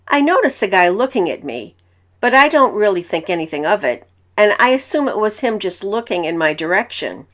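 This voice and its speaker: A woman's voice: medium pitch, very animated, fairly quick. Woman reading creepy stories. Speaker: narrator of submitted stories. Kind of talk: scripted first-person narration.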